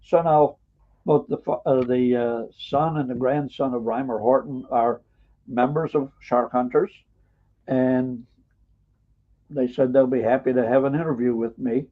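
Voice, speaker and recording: Older male guest, raspy storyteller, rambling and emphatic, heard over a phone line. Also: mid-range voice, steady tone, unhurried. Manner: folksy, emphatic, peppered with uhs and mild cursing. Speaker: guest, author and historian. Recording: tinny phone-like call audio.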